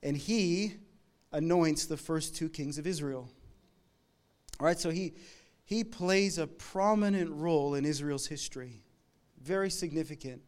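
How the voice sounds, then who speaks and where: Canadian man preaching in a smooth voice. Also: a little high, darkish tone. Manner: storytelling, conversational, with quick asides. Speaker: pastor. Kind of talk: sermon.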